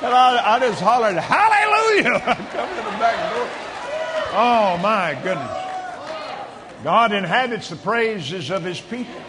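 A man's voice: sits high, expressive, measured pace, background noise. An older man preaching to a congregation, fervent and exclamatory, calling out praises as he prays and talks. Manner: fervent, exclamatory, with frequent hallelujahs. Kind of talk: sermon. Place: large church hall with congregation. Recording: reverberant hall with crowd ambience.

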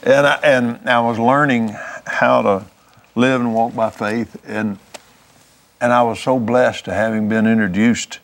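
A man's voice: mid-range voice, steady tone, unhurried. A man preaching, telling a testimony story in a fervent, folksy way, often restarting his words.

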